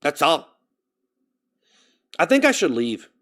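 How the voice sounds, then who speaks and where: A man's voice: a little high, wildly swooping pitch, slow pace, a bit bright. A young man streaming live, talking in a dejected, rambling way and repeating himself as he thanks viewers for gifts. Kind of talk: casual livestream chat.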